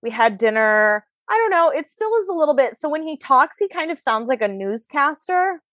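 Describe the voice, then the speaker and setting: A woman's voice: high-pitched, big pitch swings, moderate pace, a bit bright, dry recording. A woman hosting a podcast, chatting frankly and casually about her dating life. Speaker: podcast host. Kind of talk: casual chat. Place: New York.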